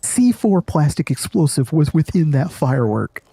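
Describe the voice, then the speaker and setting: A man's voice: fairly high pitch, sing-song, moderate pace, creaky, warm tone, breathy edge, dry recording. A man hosting a gaming channel, telling a story casually, laughing often and swearing freely. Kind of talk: casual storytelling over gameplay.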